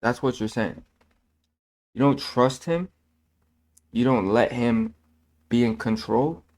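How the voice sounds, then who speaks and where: Slow and a little mellow, a man with a mid-range voice shares his faith as a channel host. The talk is casual and earnest but repetitive and preachy, with self-corrections as he goes and fillers such as "man."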